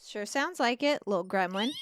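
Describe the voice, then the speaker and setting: A woman's voice: medium pitch, slight background noise. A young woman co-hosting a casual podcast, talking frankly with some swearing and easy laughs, and reading listener stories aloud. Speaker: podcast co-host.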